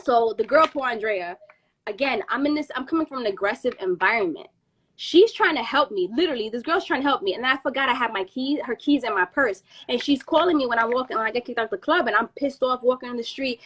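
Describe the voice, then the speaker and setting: Animated high-voiced woman telling a story. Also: quick pace. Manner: animated, acts out quotes with slang and swearing. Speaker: podcast host. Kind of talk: casual storytelling chat.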